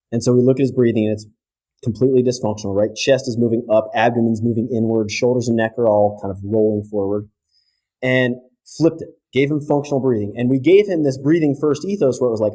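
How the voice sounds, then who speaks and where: A man, a physiotherapist guest on a podcast, explaining breathing in an energetic, casual way and often checking in with "right?". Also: medium pitch, fast. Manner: energetic, keeps tagging points with "right?".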